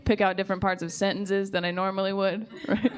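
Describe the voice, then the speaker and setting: A woman's voice: mid-range voice, little pitch movement, a little fast. A woman in her thirties doing stand-up, chatty and giggly, often asking the crowd questions. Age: 30s. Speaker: stand-up comedian. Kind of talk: stand-up comedy set. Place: comedy club stage. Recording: live club recording with crowd. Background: audience laughing.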